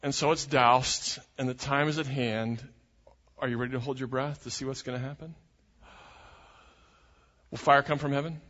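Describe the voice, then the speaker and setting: A man preaching a sermon, retelling a scripture story in an animated storytelling way. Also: medium pitch, moderate pace, long pauses. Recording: muffled recording in a reverberant hall.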